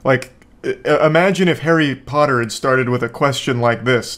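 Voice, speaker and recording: A man's voice: mid-range voice, moderate pace. Sarcastic man doing reaction commentary. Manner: sarcastic, deadpan jokes. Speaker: commentary host. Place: home.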